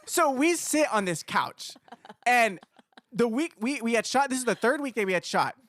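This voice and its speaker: A man's voice: very high-pitched, expressive, moderate pace, fairly bright tone, no echo, clean studio sound. A man podcast co-host in casual chat, telling stories and playfully mimicking the others.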